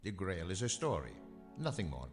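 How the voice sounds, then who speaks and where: This is a haughty Italian tourist from an adventure game, speaking in a clipped, dismissive way. His voice is fairly low and his pitch swings widely. The game audio is reverberant, with faint music underneath. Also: sing-song, moderate pace. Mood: evasive. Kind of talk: video game voice acting.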